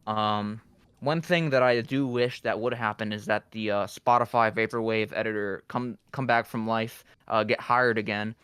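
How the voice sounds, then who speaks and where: A man's voice: on the low side, fairly even intonation, normal speed, a bit bright, clear, resonant tone. Candid, rambling man talking shop. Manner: rambling, filler-heavy, candid. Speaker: guest music producer. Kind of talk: casual podcast chat.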